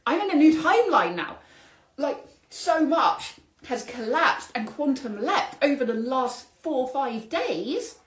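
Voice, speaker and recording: A woman hosting a solo podcast, telling a story in an animated, exclamatory way with spiritual vocabulary. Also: high-pitched, measured pace, reverberant, rough recording. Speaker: podcast host.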